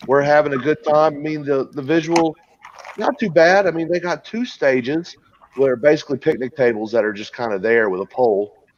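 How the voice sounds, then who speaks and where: Rambling through a long, crude anecdote on his podcast, a man keeps laughing at his own story and starting over. His voice is a little high and moves at normal speed; the dry, dull lo-fi recording carries a little hiss or hum.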